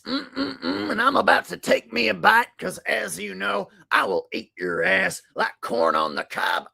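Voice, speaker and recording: A man's voice: very high-pitched, pushed and bright, pitched above the performer's own voice, full character voice. A man doing a comic impression of a bellowing, crude male conspiracy talk-show host. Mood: crude gloating. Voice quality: gravelly, husky. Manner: bellowing, crude, manic rant.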